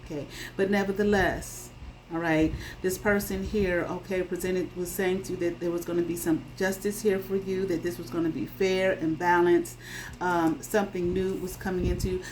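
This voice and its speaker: A woman with a fairly low voice gives a spoken tarot reading. She is emphatic and blunt, swears freely, and keeps stopping to ask "okay?". A faint hiss sits under her voice. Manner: emphatic, checks in with frequent "okay?". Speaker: tarot reader.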